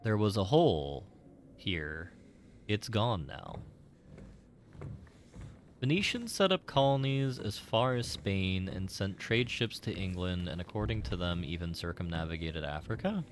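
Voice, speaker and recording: A man's voice: deep voice, lively intonation, measured pace, a little hiss or hum. A man casually commenting while playing a game on stream, rambling with many "like" fillers and side remarks.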